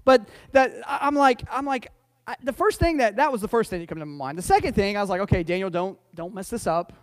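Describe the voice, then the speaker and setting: A man's voice: very high voice, expressive, fast, no echo, clean studio sound. A male pastor preaching a conversational sermon in church. He jokes, tells stories, trips over and repeats his words, and builds to emphatic points. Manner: folksy and joking, restarts and repeats words, rising to emphatic points. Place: church sanctuary.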